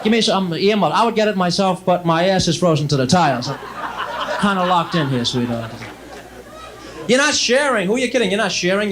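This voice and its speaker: A man doing stand-up comedy, chatty and rambling, talking straight to the audience and slipping into exasperated mock dialogue. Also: high voice.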